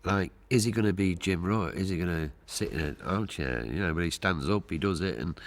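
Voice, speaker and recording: A man's voice: low-pitched, a little fast. A man speaking casually in an interview, hesitant with many fillers.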